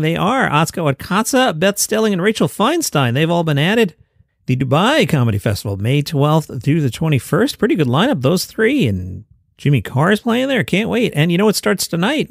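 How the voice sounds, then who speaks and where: A man's voice: on the high side, no room sound, studio quality. A man hosting a podcast news roundup in a casual, wry manner, reading out headlines. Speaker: podcast host.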